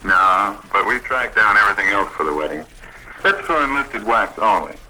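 A man's voice: fairly low pitch, expressive, normal speed, bright, forceful tone, slight background noise, low-quality recording. A man being interviewed about his club on a scripted 1940s radio broadcast, reading his prepared lines steadily and proudly. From United States. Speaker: Red Cross program director.

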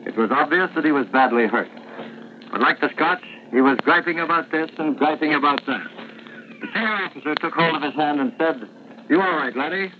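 A man's voice: a little high, lively intonation. Man reporting from the front, 1940s radio. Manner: vivid, measured storytelling. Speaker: war correspondent. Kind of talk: archival wartime radio report. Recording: tinny, hissy 1940s radio archive.

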